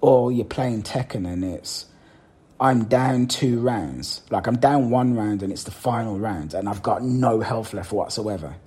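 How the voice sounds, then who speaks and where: Low husky-voiced man giving pep talk. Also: a little slow, darkish tone. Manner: emphatic, repeats words for stress; addresses the listener directly. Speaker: podcast host. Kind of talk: motivational podcast monologue.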